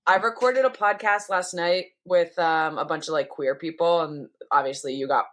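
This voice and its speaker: A woman's voice: fairly low pitch, moderate pace, a bit bright. A woman co-hosting a podcast in casual chat, rambling with lots of fillers. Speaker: podcast co-host.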